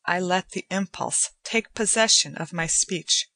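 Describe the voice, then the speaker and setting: A woman narrating a short story in slow, measured, somber storytelling. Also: fairly low pitch, bright, forceful tone, no room sound. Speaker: audiobook narrator. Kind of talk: scripted narration.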